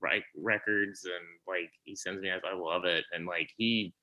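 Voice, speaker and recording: A man's voice: low voice, measured pace, poor audio. A man in his forties, a podcast guest, telling stories casually and slipping into impressions of people. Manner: animated storyteller, slips into impressions of people. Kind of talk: casual chat.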